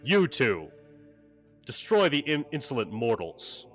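Man voicing an imperious archangel for a tabletop game, slow and scornful, with a lifted pitch. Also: sing-song, faint music behind. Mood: wrathful. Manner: slow, contemptuous, commanding. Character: menacing archangel, imperious and wrathful.

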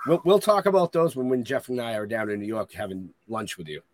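A man's voice: medium pitch, big pitch swings, fast talker. A man hosting a podcast who mostly chimes in with short words of agreement. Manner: brief agreeing interjections. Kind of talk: casual chat.

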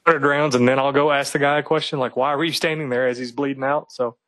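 A man's voice: mid-range voice, fairly even intonation, quick pace, fairly bright tone, no echo, low-quality recording. A man from eastern Kentucky, co-hosting a podcast, telling rambling, profanity-filled stories in casual chat. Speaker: podcast co-host.

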